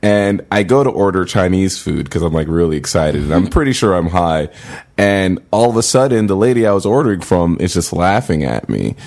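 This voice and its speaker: A man's voice: deep voice, lively intonation, a little fast, darkish tone. A young man telling a funny story in casual podcast chat, laughing often and acting out his own reactions. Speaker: podcast guest, comedian.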